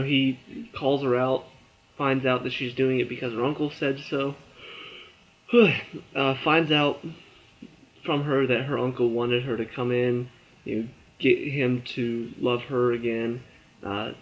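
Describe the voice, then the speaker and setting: A man's voice: medium pitch, fairly bright tone, highs cut off. A tired man reviewing a TV episode in a casual, rambling way, full of fillers and restarts.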